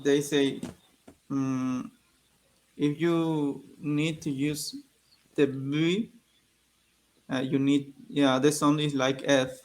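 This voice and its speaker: A man's voice: fairly high pitch, little pitch movement, very slow, pauses often, low-quality recording. A man with a Spanish accent learning English over a video call, searching for words and repeating new terms hesitantly. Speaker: English student.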